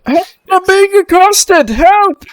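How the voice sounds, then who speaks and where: A man's voice: extremely high pitch, animated, moderate pace, dry recording, clean studio sound. A man voicing a forgetful, jittery old woman who keeps a temple, stammering and repeating herself. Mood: panicked.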